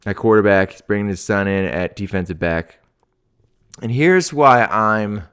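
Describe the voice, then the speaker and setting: A man's voice: lowish voice, clean tone. A man, a swim coach hosting a show, giving casual sports commentary in a loose, slangy way that grows heated. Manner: casual, heavy with "like" and "dude", grows heated and ranting.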